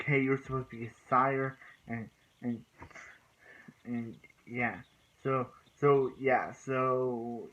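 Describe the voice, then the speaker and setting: A man's voice: medium pitch, fairly bright tone, highs cut off. A man casually recapping and reviewing a TV episode, rambling with many restarts and fillers and bursts of exasperation.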